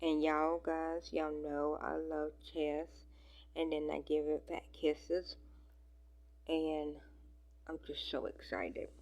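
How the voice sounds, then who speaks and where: A woman chatting casually on her vlog, rambling with many fillers and dropping into soft whispers at times. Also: low-pitched, little pitch movement, slow pace. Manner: rambling, filler-heavy, affectionate talk. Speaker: vlogger. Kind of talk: casual chat.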